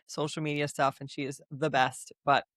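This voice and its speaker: A woman's voice: sits low, flat delivery, normal speed, fairly bright tone, no echo, studio quality. A woman co-hosting a casual book-club podcast, joking and self-deprecating. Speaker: podcast co-host.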